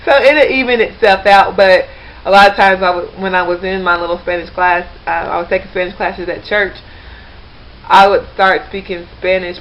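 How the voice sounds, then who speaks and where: A woman's voice: fairly low pitch, slight background noise. A woman chatting casually to camera in a rambling way, with plenty of fillers and restarts. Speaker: language learner vlogger. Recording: slightly dull lo-fi webcam recording.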